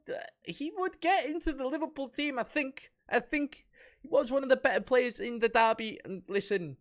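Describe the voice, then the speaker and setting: A man's voice: on the high side, fairly bright tone. A young man giving casual reaction commentary, reading comments aloud and picking them apart with wry amusement.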